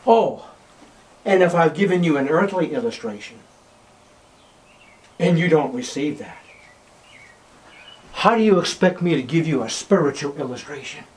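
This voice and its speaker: A man preaching a sermon, emphatic, swinging from loud declarations to hushed, slow words. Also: a little high, animated, slightly rough.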